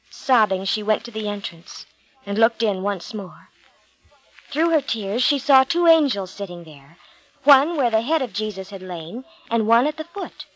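A woman narrating a storybook, reading aloud in a clear, expressive way. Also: on the high side, poor audio.

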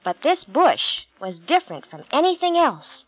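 A woman reading a Bible story aloud, calm and clear in her storytelling. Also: high voice, measured pace, dry recording, rough recording.

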